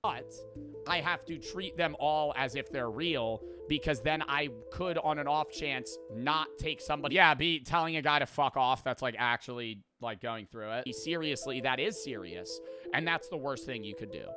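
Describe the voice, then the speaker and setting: A man's voice: mid-range voice, moderate pace, music in the background. A young man who streams, talking bluntly and casually with lots of fillers and swearing. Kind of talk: casual storytelling and reflection.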